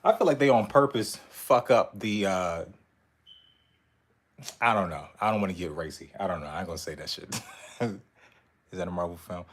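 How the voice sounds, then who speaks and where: A man's voice: low voice, normal speed, pauses often. A man chatting casually on a live stream as he reacts to movie clips, swearing a lot and laughing often. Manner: profane, animated, laughing often. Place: indoors in front of a screen.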